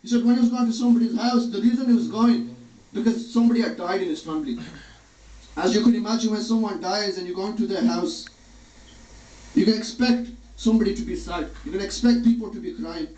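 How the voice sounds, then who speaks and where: A man's voice: high-pitched, quick pace, mellow. Man preaching from far off in a room. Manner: storytelling, retells others' words in quotes. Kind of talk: religious talk. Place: hall or home gathering. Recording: dull, roomy, distant sound.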